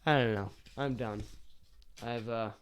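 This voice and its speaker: A man's voice: medium pitch, fairly even intonation, measured pace, slight background noise. A young man hosting a solo podcast, rambling and swearing in an exasperated rant, a bit tipsy, with a sore throat. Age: young adult. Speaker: podcast host.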